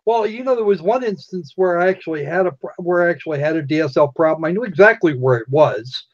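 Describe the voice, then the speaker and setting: Man, high pitch, sarcastic, swears, casual chat. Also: animated, quick pace, muffled recording.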